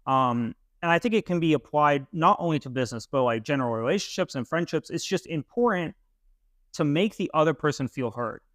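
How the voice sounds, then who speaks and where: A man's voice: on the high side, animated, fairly quick, a bit bright, no echo, clean studio sound. A young man co-hosting a podcast, explaining ideas emphatically in casual chat, with casual swearing. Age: young adult. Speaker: podcast co-host.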